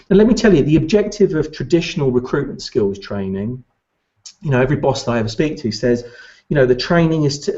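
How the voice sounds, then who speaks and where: A man's voice: medium pitch, darkish tone, lo-fi sound. A man giving a motivational training talk to recruitment business owners, emphatic and repeating his key points.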